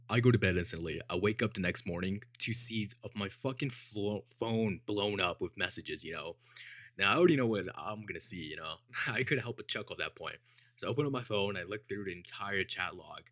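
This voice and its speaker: A young man with a lowish voice tells a story in a relaxed, swearing-heavy vlog style. He often breaks into laughter. His voice sounds dry and close, with no room echo. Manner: laid-back, profane, laughing storyteller. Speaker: vlogger. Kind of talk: casual storytime.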